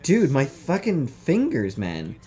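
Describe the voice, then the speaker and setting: A man co-hosting a casual gaming chat, a little drunk, rambling, swearing and bursting into loud laughs. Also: mid-range voice, huge pitch swings, slow pace, a crowd in the background. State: tipsy. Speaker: let's play co-host.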